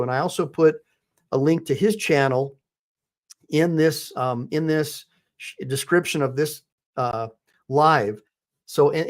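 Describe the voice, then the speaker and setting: Chatty man hosting a live stream. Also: on the high side. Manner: rambling, chatty, many fillers and restarts. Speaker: host, attorney.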